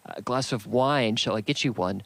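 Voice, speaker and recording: A reserved, earnest gentleman from a classic novel, as a male reader voices him. He speaks at a middling pitch with a solicitous tone. The recording is dry and close-miked. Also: moderate pace, no room sound, natural voice, rough recording. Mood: concerned. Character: reserved proud gentleman, concerned. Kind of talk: audiobook character reading.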